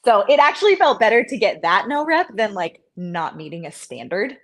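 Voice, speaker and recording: Woman in her thirties, interview guest, casual chat, animated, self-mocking, mid-pitched. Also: normal speed. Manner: animated, self-mocking, acts out quotes in a higher voice. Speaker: interview guest, CrossFit athlete.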